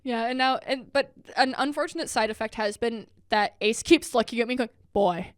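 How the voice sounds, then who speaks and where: A woman's voice: a little high, brisk, no echo, studio quality. A young woman co-hosting a casual podcast, telling stories with lots of laughter and acted-out quotes. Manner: animated, laughing storyteller who acts out quotes. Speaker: podcast co-host. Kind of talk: casual chat.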